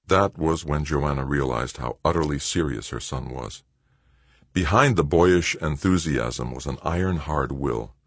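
A man reading a novel aloud in a measured storytelling manner. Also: a bass voice, no echo. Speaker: audiobook narrator. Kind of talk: scripted narration.

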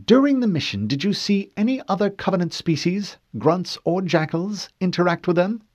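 A man's voice: high-pitched, animated, moderate pace, a little mellow, pitched above the performer's own voice. A man voicing a stern female officer who questions a soldier in a clipped, precise way. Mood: probing. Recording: dull dry studio read.

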